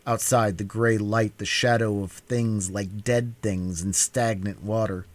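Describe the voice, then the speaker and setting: A male reader performs a cold-read audiobook narration with a measured, quiet delivery. His voice is very low and deep, and his pacing stays even and steady.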